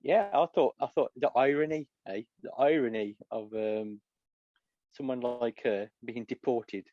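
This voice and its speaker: A man's voice: mid-range voice, measured pace, highs cut off. A man with a British accent, co-hosting a casual chat show, joking, laughing and slipping into mock voices. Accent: British English. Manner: jokey, laughs a lot, does mock voices. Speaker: podcast co-host.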